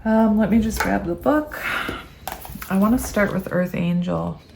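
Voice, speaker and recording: A woman doing a casual tarot reading, chatty and emotional, reading passages aloud with many pauses and ums. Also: medium pitch, creaky, background noise. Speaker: tarot reader.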